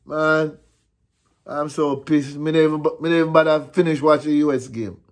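A man's voice: a little high, fairly even intonation, a little fast. A Jamaican man ranting on his vlog, frustrated and repetitive, slipping between patois and English. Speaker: vlogger.

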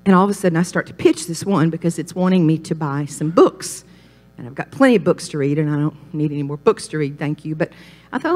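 An older woman preaching a sermon at a women's retreat, animated and folksy, jumping up in pitch for emphasis. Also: a little fast. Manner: animated, folksy storytelling with sudden rises in pitch.

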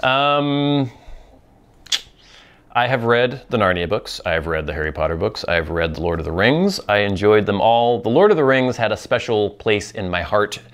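Man, host, casual chat, low voice, rambling, viewer Q&A. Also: animated, brisk, few pauses. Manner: rambling, with frequent ums and restarts. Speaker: host of a pipe-smoking talk show.

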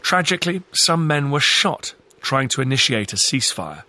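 A man narrating a documentary in a measured, solemn scripted read. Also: medium pitch, sing-song, pushed and bright.

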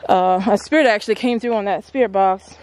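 A woman vlogging outdoors at an old stone landmark, chatting excitedly to her viewers on a handheld phone camera. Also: medium pitch, a little fast. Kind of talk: casual vlog narration. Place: outdoors at a historic stone furnace.

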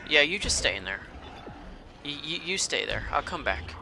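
A man commentating a horror game as he plays it, profane and excitable, often shouting at enemies. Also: fairly high pitch, moderate pace, creaky. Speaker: gamer playing a horror game. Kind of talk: let's play commentary. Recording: game sound and noise behind.

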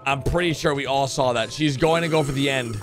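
A man hosting a reaction video, excitedly commenting and cheering characters on with loud exclamations. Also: medium pitch, brisk. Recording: music playing under the voice.

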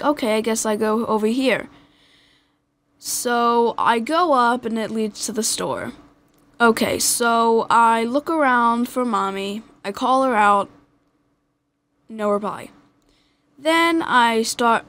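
A teenage girl telling a personal story in a casual podcast chat, hesitant with many fillers. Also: on the high side. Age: teens. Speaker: podcast guest.

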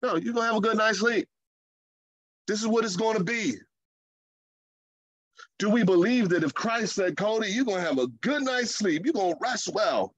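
A man preaching a sermon in a lively, conversational way, with playful asides. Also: sits high, moderate pace, pauses often, no echo.

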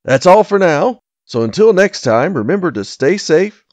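A man's voice: sits high, very animated, normal speed, darkish tone, no room sound. A man as channel host in a barkeep persona, reading a scripted outro in a friendly announcer manner. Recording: dull lo-fi home mic.

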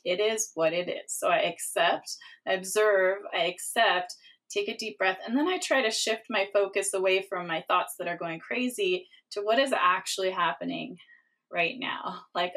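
A woman hosting a podcast interview who talks in a casual, animated way, laughs often, and acts out her own inner thoughts. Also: mid-range voice, normal speed. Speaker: podcast host, doctor.

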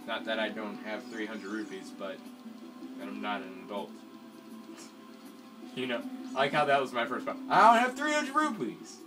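A man casually commentating a video game he is playing, often excitable and given to sudden shouts. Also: on the low side, moderate pace, long pauses. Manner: excitable, swings from mumbling to yelling. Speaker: let's play commentator. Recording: distant mic with loud game music.

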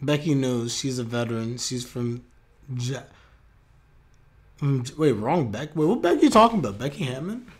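A man's voice: medium pitch, animated, moderate pace, long pauses, breathy edge. A man reacting live to an anime episode on his stream, chatty and openly emotional.

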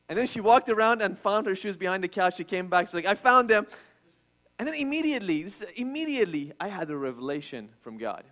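A man in his thirties, a pastor preaching a sermon, telling stories with many restarts and rising to loud, emphatic bursts. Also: high-pitched.

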